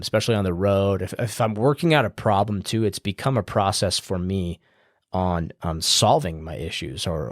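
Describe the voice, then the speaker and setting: A man's voice: low-pitched, dry recording, studio quality. A man hosting a podcast, giving casual advice in a loose, rambling way with fillers and the odd swear word, in an upbeat, smiling tone. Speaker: podcast host.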